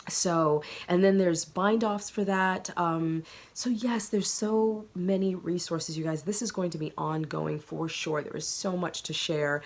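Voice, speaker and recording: A woman hosting a knitting video podcast, chatting casually and gushing to viewers with plenty of ums. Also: lowish voice. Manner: chatty, gushing, many fillers. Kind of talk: casual chat to camera.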